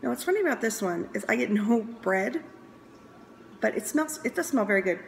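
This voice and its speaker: A woman casually reviewing scents, chatty and enthusiastic, pausing to sniff and muse aloud. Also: a little high, lively intonation, gravelly, a little hiss or hum, rough recording. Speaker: scent consultant reviewing products. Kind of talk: casual product review vlog.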